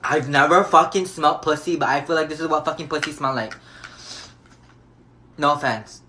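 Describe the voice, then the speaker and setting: A young man chats casually in a vlog, his voice on the higher side at a moderate pace. He's sassy and profane, throwing in dramatic shrieks and gasps, with noise in the background.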